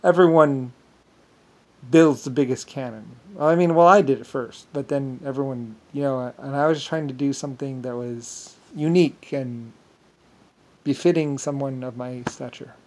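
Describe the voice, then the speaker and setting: A man telling a rambling, boastful story, halting often with fillers and restarts. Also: medium pitch. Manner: boastful, grandiose. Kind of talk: rambling monologue.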